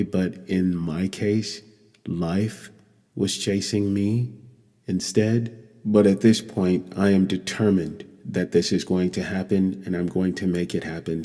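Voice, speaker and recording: Deep-voiced guy telling his own story, earnest, lots of pauses, long echo. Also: warm tone. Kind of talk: personal storytelling monologue. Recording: long echoey reverb.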